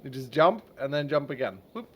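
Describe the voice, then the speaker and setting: A man's voice: mid-range voice, animated, brisk, a bit bright, slightly rough. A man chatting casually with a friend during a game, amused and teasing in a laid-back way. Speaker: co-player, fellow streamer. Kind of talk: casual gaming chat.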